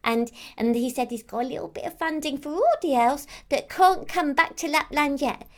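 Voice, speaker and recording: A woman's voice: high-pitched, moderate pace, natural voice. A woman playing a childlike female Christmas elf who rambles on with lots of "like" and "um". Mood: cheerful. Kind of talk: character monologue to camera.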